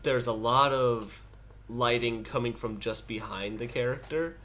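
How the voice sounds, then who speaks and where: A man co-hosting a casual art podcast, talking in a hesitant, halting way with restarts and dry understatement. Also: medium pitch, a bit bright, a little hiss or hum. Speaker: podcast co-host. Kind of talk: casual chat.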